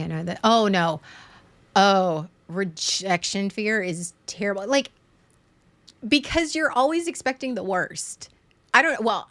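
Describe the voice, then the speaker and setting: A woman hosting a livestream, talking frankly in a halting way with many fillers and restarts, and making fun of herself. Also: medium pitch, fairly bright tone, dry recording. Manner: frank and self-deprecating. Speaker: livestream host. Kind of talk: candid casual livestream chat.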